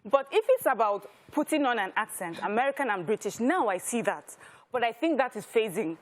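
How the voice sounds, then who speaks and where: A Nigerian woman on a television talk panel, talking in a slightly high voice. She is measured and thoughtful, and she sometimes stops to hunt for the right word as she makes her point. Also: lively intonation. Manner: thoughtful, measured, searching for words. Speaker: TV talk show co-host. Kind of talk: studio panel discussion.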